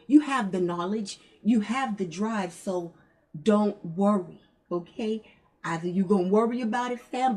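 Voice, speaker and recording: A woman's voice: medium pitch, a little mellow, poor audio. A woman giving a casual tarot reading, blunt and profane, calling her listeners fam and baby. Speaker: tarot reader.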